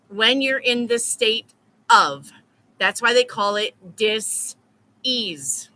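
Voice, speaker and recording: A woman's voice: a little high, sharp tone, a little hiss or hum. A woman tarot reader talking live to her viewers in a blunt, repetitive, profane way. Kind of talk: live-stream chat with viewers.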